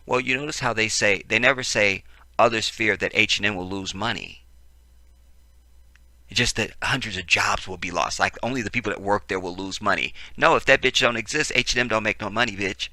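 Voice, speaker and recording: A man ranting into a close, dry mic, his fairly low voice cutting hard and sharp. He swears freely, repeats his points for emphasis and keeps checking in with his listeners. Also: brisk, no room sound. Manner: profane, emphatic, repetitive; frequent "see what I'm saying" asides. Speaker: political commentator. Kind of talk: ranting video commentary.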